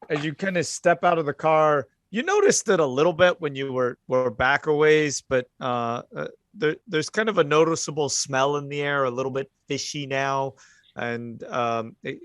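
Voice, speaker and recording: A man narrating as game master of a tabletop horror game, relaxed and rambling. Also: mid-range voice, normal speed, dry recording.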